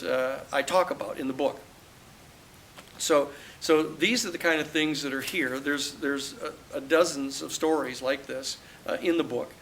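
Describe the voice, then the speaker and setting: A man in his sixties, a lawyer and author telling stories at a book talk, animated, acting out the dialogue he quotes. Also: on the high side, creaky, slight background noise, poor audio. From United States. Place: live audience talk at a campus venue.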